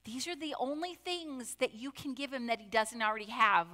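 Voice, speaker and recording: A woman's voice: fairly high pitch, lively intonation, moderate pace, sharp tone, in a large hall. A woman pastor preaching a conversational sermon, full of asides and rhetorical questions. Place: church sanctuary.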